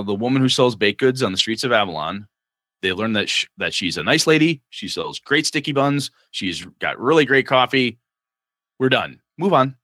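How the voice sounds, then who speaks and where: A man with a bright, forceful voice talks casually about running tabletop games. He is animated and acts out little character voices as he explains. The sound is dry and close. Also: on the low side, no echo. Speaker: game master podcast co-host.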